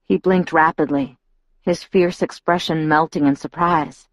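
A woman narrating a novel in the first person, steady and measured. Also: deep voice, no echo, low-quality recording. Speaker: audiobook narrator.

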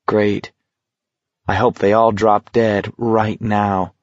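Terse, tense young man, low and dry, played by a male reader. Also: level tone, slow, no room sound. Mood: guarded. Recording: dull, slightly muffled.

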